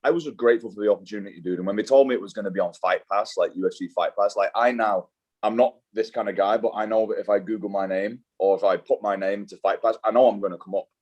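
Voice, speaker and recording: British guy being interviewed, lowish voice, chill and slangy, says dude a lot. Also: steady tone, quick pace, a little mellow, slightly rough, highs cut off. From Britain. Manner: laid-back, slangy, swears, says "dude". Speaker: guest, mixed martial arts fighter. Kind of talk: casual interview chat.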